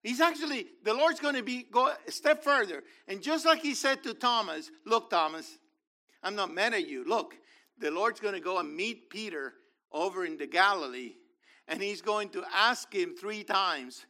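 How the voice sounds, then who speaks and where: A man preaching a sermon, animated, acting out scenes and questioning his congregation. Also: high voice, normal speed. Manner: animated, acts out biblical figures, talks to congregation. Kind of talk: sermon, Bible teaching.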